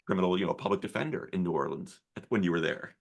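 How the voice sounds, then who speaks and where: A man's voice: low-pitched, creaky. A man interviewing an author, asking long, hesitant questions. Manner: hesitant, halting, many fillers.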